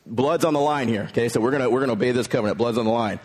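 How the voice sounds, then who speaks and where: A man's voice: medium pitch, very fast, a little mellow, husky. Man preaching a conversational sermon. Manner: conversational preaching, paraphrasing scripture in everyday words. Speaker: pastor.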